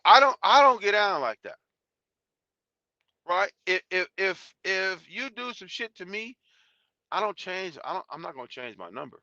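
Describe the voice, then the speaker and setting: On a YouTube live stream, reading the chat, a man with a high-pitched, bright, forceful voice talks at a normal speed with lively intonation. He rambles bluntly and profanely with many restarts, in dull lo-fi audio without echo.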